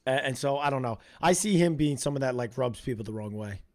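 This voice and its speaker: A man's voice: medium pitch, animated, fast talker, darkish tone. A man co-hosting a podcast in casual chat, easygoing, often trailing off and restarting. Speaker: podcast co-host.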